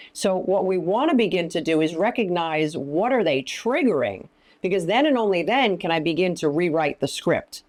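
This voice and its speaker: A woman's voice: fairly low pitch, darkish tone. A woman counselor and minister teaching in an interview, speaking emphatically and giving practical advice. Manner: emphatic, often acting out quoted lines.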